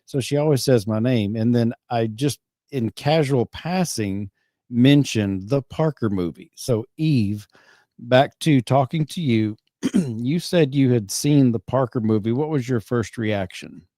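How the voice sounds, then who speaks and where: Mellow, rambling middle-aged man. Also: mid-range voice, dry recording, studio quality. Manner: rambling, halting, self-correcting. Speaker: podcast host. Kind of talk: casual chat.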